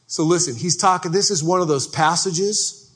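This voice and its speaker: A male pastor giving a conversational, animated sermon, acting out everyday people as he goes. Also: high-pitched, moderate pace, breathy edge.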